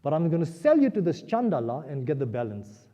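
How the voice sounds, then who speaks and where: A man's voice: a little high, sing-song, brisk, warm tone, long reverb tail. Man doing a demanding stern sage.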